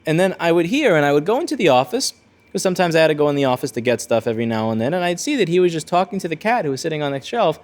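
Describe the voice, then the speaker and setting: A man hosting a repair-shop video tells a rambling, blunt story in a casual monologue, often restarting and correcting himself. His voice is on the high side, sing-song and rapid-fire.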